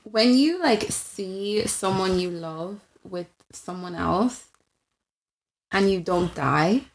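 A woman's voice: medium pitch, lively intonation, slow. A woman in a casual group chat speaking bluntly and candidly, with slangy phrasing.

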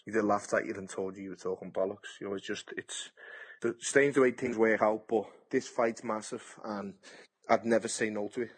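A man's voice: fairly low pitch, steady tone, moderate pace, husky. A man, a boxer talking frankly and bluntly in a casual podcast interview, swearing freely and acting out past conversations. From Britain. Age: 30s.

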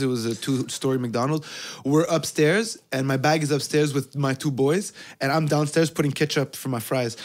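A man hosting a casual podcast, telling a story with heavy swearing and quoted voices. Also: medium pitch. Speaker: podcast host.

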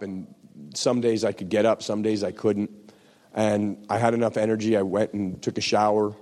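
A man's voice: lowish voice, darkish tone. A man preaching a sermon with impassioned, emphatic declarations. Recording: long hall reverb.

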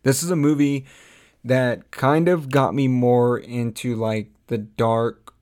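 A young man casually chatting to his audience, rambling with many fillers, frequent laughs and animated quoted lines. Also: medium pitch, takes it slowly. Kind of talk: casual chat.

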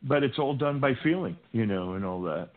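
A man's voice: medium pitch, a little fast. An older man, a podcast guest, telling wild stories from his youth in a casual interview, stammering through restarts and acting out the people he quotes. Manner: animated storyteller, acts out quotes with shouting, stammering restarts. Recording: tinny phone-like line.

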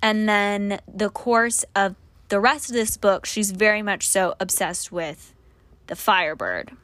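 A woman's voice: mid-range voice, measured pace, a bit bright, no echo. Playful slangy woman on a dry mic. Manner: playful, slangy, laughs often. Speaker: podcast co-host. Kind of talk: casual chat.

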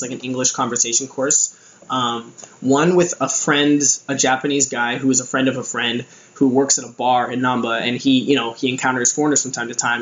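A man's voice: mid-range voice, a bit bright, echoey room, rough recording. A young American man telling a casual story about his time abroad, rambling with lots of fillers and restarts. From United States. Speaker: vlogger.

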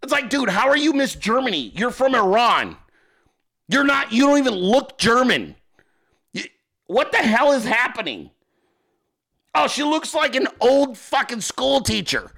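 A man's voice: very high voice, sing-song, a little slow, gravelly, bright, forceful tone. A man hosting a political commentary show, ranting in a crude, sarcastic way with constant swearing and frequent asides to his listeners. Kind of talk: profane unscripted rant.

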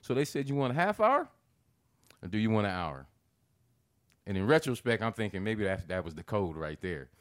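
A man telling a story in loose, profane chat, his voice leaping up high whenever he acts out his own reactions. The sound is close and dry, with no room around it. His delivery stays animated and lively from line to line. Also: fairly quick, no echo. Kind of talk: casual storytelling.

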